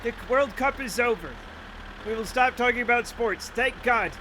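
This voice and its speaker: A man's voice: very high-pitched, moderate pace, noisy background. A man streaming a game, chatting casually, joking, swearing and often laughing. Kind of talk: casual livestream commentary.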